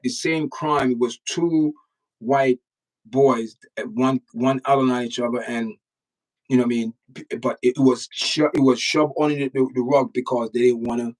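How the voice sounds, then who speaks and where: Jamaican male host, middle pitch, forceful repetitive stream talk, mic set back a bit. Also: steady tone, normal speed, far from the mic, low-quality recording. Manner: emphatic, repeats words, lectures the chat directly. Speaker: channel host reacting to news and chat. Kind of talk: casual livestream commentary.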